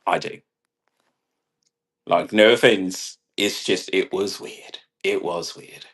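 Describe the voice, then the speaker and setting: A man's voice: low voice, steady tone, takes it slowly, a bit bright, slightly rough. A man rambling casually in a monologue, swearing and laughing at his own jokes. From half British. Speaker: vlogger.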